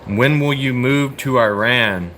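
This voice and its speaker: Blunt, joking American man, bright voice. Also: medium pitch, takes it slowly, slight background noise. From United States. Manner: blunt, profane, joking with slangy "bro". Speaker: livestream host answering chat. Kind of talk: casual chat.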